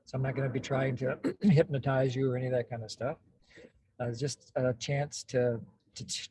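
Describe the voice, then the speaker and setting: Husky man guiding a mindfulness class. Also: medium pitch. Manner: slow, calm, clears throat often. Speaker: meditation class host. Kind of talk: gentle guided mindfulness. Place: parked car. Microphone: phone on video call.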